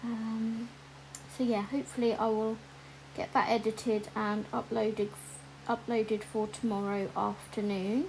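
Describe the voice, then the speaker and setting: A woman's voice: on the high side, flat delivery, a little slow, gravelly, darkish tone, slight background noise, rough recording. A woman chatting casually while colouring on a livestream, with lots of ums and asides to viewers reading their comments.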